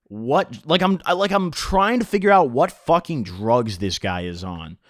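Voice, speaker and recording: A man's voice: a little high, normal speed, a bit bright, dry recording, clean studio sound. A young man telling a profane, joking story in a casual vlog. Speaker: vlogger.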